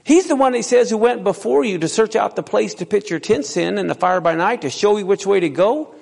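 A man with a high, creaky voice preaches briskly, reading scripture aloud and directing questions at his listeners. Long reverb from the hall surrounds his words.

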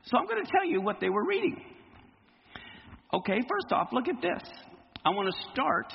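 A man preaching a sermon in an animated way, quizzing his congregation, recorded in a hall with dull lo-fi sound and faint noise. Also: very high-pitched, normal speed, gravelly, slightly rough.

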